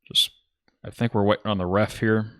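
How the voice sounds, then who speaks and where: A man's voice: fairly low pitch, level tone, moderate pace, sharp tone, no room sound, clean studio sound. A man from Alabama with a Southern accent, giving casual, rambling play-by-play commentary on a streamed game and often correcting himself as he goes. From Alabama, USA. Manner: rambling, self-correcting, chatty with his chat.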